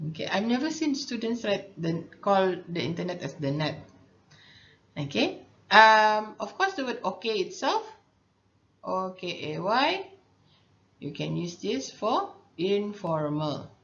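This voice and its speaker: A woman teaching a writing lesson, patiently explaining and checking in often with "okay". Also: mid-range voice. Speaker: English teacher. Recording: dull lo-fi recording.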